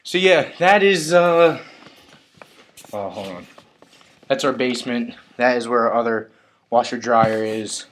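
Young guy showing off his house, slow and easygoing, lots of ums, mid pitch, camera mic indoors. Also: animated. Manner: laid-back, halting, lots of ums and uhs, offhand jokes. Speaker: vlogger giving a house tour. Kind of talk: casual house tour narration. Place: inside a house.

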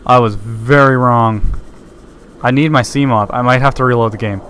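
A man's voice: mid-range voice, steady tone, normal speed, a bit bright, a little hiss or hum. A man giving let's-play commentary while playing a game, nervous and easily startled, breaking into screams when scared. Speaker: gameplay commentator.

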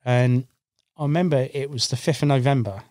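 A man recounts a fishing trip in a podcast studio, talking casually and acting out what he said at the time. His voice sits at an ordinary middle pitch. The sound is dry and close, with no room echo. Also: brisk. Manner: animated anecdote-telling, acts out his own past lines. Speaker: podcast guest, carp angler. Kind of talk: casual storytelling. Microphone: studio microphone.

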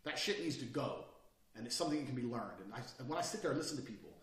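A man in his thirties giving a blunt, profane motivational lecture, forceful and brash as he tells his listeners how to speak and carry themselves. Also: medium pitch, animated, rapid-fire. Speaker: course instructor. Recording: roomy sound, mic at a distance.

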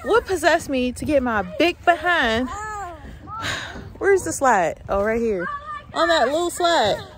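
A woman's voice: high-pitched, expressive, unhurried, long pauses. A woman talking casually to her viewers in a laid-back, chatty way while filming herself at a park on a handheld camera. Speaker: vlogger. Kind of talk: casual vlog chat to camera. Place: outdoors at a park. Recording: outdoor park noise behind.

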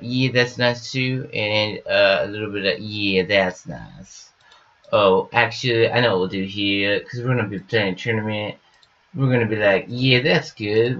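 A man's voice: fairly low pitch, a bit bright. A man commenting casually on his card game, rambling and repeating little stock phrases, with the odd goofy joke. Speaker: gaming streamer. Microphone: webcam setup at home. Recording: slightly dull lo-fi sound.

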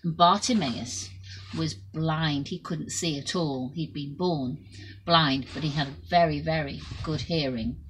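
A woman telling a Bible story to children in an expressive way, shifting between loud and soft. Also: deep voice, measured pace, slight background noise, poor audio.

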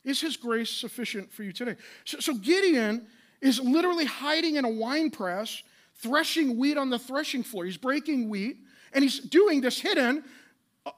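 A pastor in his late thirties preaching a sermon in a conversational, impassioned way, with rhetorical questions and quick restarts. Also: extremely high pitch, a bit bright.

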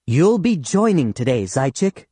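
A man reading the part of a prim female schoolteacher in an audiobook, raising his voice into a higher, lively register for her. Her syrupy politeness hardens into cold sternness. The sound is close and dry. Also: a little slow, husky, no room sound, full character voice. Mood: sugary. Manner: sweetly polite, turning sharp and stern. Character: strict, sugary female Soviet schoolteacher.

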